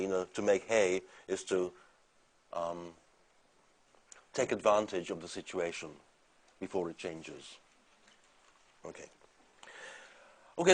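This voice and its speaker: A man giving a university lecture, talking in a conversational, hesitant way with many fillers and restarts. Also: on the low side.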